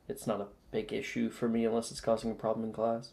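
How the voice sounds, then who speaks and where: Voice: medium pitch, monotone, fast talker, gravelly, warm tone. A game master narrating a tabletop role-playing game in an easygoing, chatty way. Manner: easygoing, chatty, laughs often.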